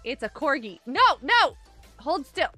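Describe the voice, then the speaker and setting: Greeting her viewers with giggles and chatter, a woman streams a game live at a measured pace. Her voice is high and bouncy with a wide, animated swing, and faint music plays in the background.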